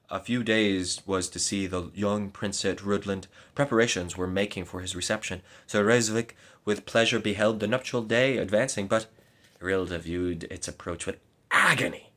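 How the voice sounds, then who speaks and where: Guy reading an old gothic romance aloud, low voice, measured and dramatic. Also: fairly bright tone. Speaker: narrator.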